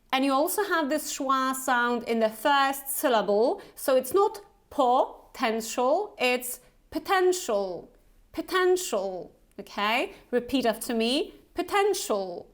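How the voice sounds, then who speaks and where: Slow-drilling Polish woman teaching pronunciation. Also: on the high side, fairly bright tone. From Poland. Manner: models words slowly and repeats them for drilling. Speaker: Business English pronunciation teacher. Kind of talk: pronunciation lesson.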